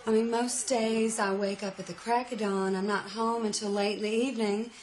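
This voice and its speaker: A woman's voice: mid-range voice, level tone, normal speed, slight background noise, natural voice. An actress playing a grown daughter who answers her mother in a proper, defensive way.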